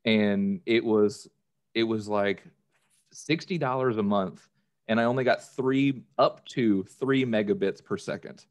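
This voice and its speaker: A man co-hosting a podcast, chatting in a relaxed, rambling way. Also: fairly low pitch, a little slow. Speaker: podcast co-host. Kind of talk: casual chat.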